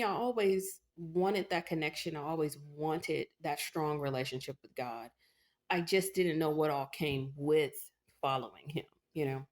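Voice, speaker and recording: A woman with a notably low voice recounts her personal testimony in an earnest, conversational way. She leans on "you know" fillers as she talks, sounding sincere and emotionally invested. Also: a little mellow. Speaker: testimony speaker. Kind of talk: personal testimony, casual storytelling.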